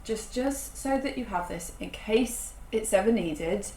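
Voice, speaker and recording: A British woman at a tabletop game, hesitantly scheming out loud. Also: medium pitch, lively intonation, measured pace, reverberant, low-quality recording. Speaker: player. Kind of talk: tabletop role-play chat.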